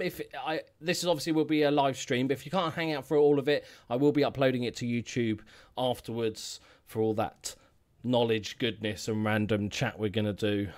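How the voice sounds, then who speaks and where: A man hosting a casual live stream from home, jokey and rambling, humming filler sounds while he chats. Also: medium pitch.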